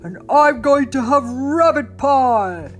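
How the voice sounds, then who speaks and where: A woman voicing a boastful male monster who growls loud threats but is secretly nervous. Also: sits high, expressive, slow, soft background music, voice pushed up. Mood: blustering.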